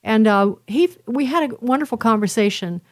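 Talking directly to her audience in a relaxed monologue, this woman host has a slightly high voice and a moderate pace. Her storytelling is animated, marked by emphatic repetition.

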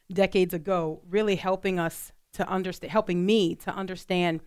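A woman co-hosts a radio talk show, chatting earnestly in a casual talk-radio style with plenty of filler words. Her voice is on the low side, a little mellow, clear, and resonant, with fairly even intonation and a moderate pace. The recording is dry, with clean studio sound.

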